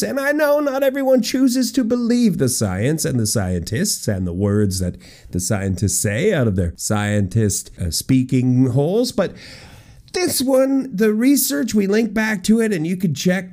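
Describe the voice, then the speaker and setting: Lively jokey man hosting a news countdown. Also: on the high side. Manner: wry, animated, jokey asides. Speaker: podcast host.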